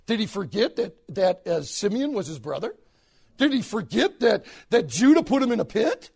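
A middle-aged man preaching a sermon to fellow preachers, swinging between loud shouts and hushed, quoted lines. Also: high-pitched, very animated, normal speed, gravelly, husky.

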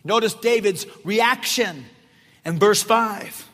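A middle-aged male pastor preaching a sermon, emphatic, often shouting and repeating phrases for effect. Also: sits high, slow pace. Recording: long reverb of a large hall.

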